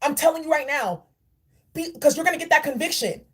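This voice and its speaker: A woman's voice: high voice, lively intonation, brisk, fairly bright tone. A woman giving a spiritual oracle card reading in a blunt, preachy and profane way. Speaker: spiritual reader.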